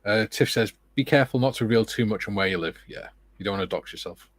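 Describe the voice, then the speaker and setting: A man with a British accent hosting a relaxed livestream, reading viewer comments aloud and chatting casually with joking asides. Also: on the low side, fast talker, no room sound. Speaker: livestream host.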